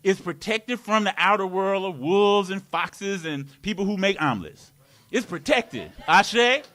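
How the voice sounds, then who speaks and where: A man's voice: sits high, animated, a little slow, pushed and bright. A man preaching a live sermon in a community worship hall, playful and laughing, with call-and-response.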